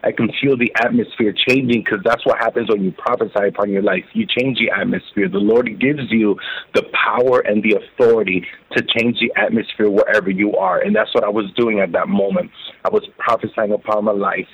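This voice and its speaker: A man telling his own story as an interview guest, halting and repeating words as he recounts it. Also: lowish voice, breathy edge. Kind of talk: emotional first-person testimony. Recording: phone-like narrow band.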